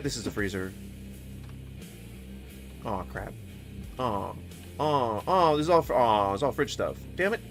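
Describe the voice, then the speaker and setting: A man giving casual let's-play commentary, goofy and rambling, with sing-song wordplay and sudden mock yelling. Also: mid-range voice, slow pace, pauses often, soft background music. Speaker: gaming streamer.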